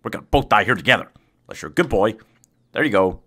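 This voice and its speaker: A man live-streaming a game, talking casually to his chat and yelling at his pet dog. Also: on the low side, expressive, a little fast, pauses often, slightly rough.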